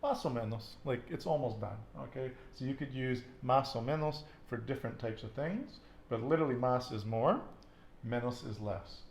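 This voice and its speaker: A man's voice: mid-range voice, expressive, normal speed, vocal fry, slight background noise. Patient man teaching with an echo. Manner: patient, encouraging, asks and repeats answers. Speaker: Spanish teacher. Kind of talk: casual language lesson.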